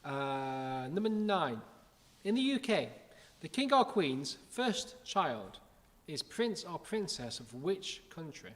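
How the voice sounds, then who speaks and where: A man in his thirties hosting a casual livestream quiz, brisk, chatty and joking, recorded in a church building. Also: on the high side, sing-song, fairly bright tone. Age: 30s. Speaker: quiz host. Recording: long reverb with faint noise.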